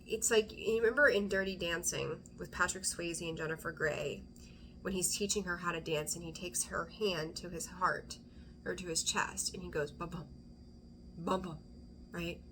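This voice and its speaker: A woman's voice: fairly low pitch, normal speed, a bit bright, a little hiss or hum. A woman giving a casual, rambling tarot reading, often dropping into a whisper as she talks. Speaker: tarot reader.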